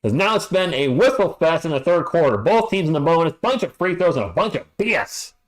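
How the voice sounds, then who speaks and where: A man's voice: a little high, sing-song, fairly quick. A man calling a basketball game live as a fan commentator, chatting and ranting between plays. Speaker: play-by-play commentator.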